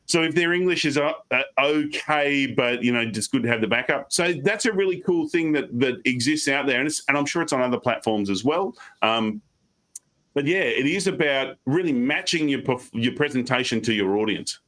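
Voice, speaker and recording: An Australian man giving online presentation tips on a video call, fast and animated, slipping into quick mock voices. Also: medium pitch. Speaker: guest speaker.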